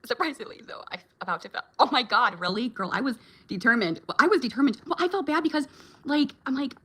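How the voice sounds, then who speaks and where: A woman's voice: fairly high pitch, sing-song, fast, bright, forceful tone. A woman, a mom, chatting casually with her viewers in a vlog, reacting to their comments and laughing often. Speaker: vlogger and mom.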